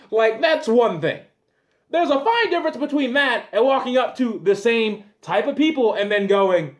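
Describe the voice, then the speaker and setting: A man hosting a commentary show, delivering a loud, exasperated, swearing comedic rant and acting out little scenes. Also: very high voice, animated, moderate pace.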